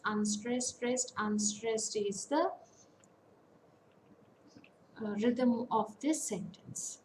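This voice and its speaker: A woman giving an online lecture, slowly listing example words one by one with pauses. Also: a little high, echoey room, a little hiss or hum, low-quality recording. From India. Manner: slow, deliberate, lists words one by one with pauses. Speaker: academic counsellor. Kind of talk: online lecture on English phonetics.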